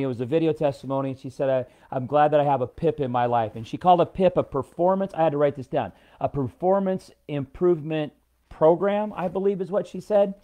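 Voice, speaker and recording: A man's voice: a little high, warm tone. An American man hosting a casual live stream, chatting in a rambling way and greeting viewers by name.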